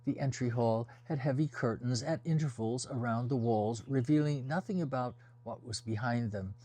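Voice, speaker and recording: A man narrates a first-person novel as an audiobook, steady and descriptive. His voice sits at an ordinary middle pitch, and he lets each scene unfold at a measured pace. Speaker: audiobook reader.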